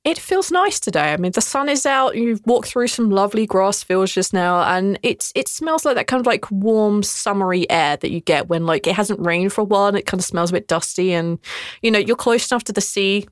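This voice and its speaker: A woman's voice: mid-range voice, animated, fairly quick, no room sound, studio quality. A woman narrating a tabletop game as game master, casual and descriptive with frequent fillers.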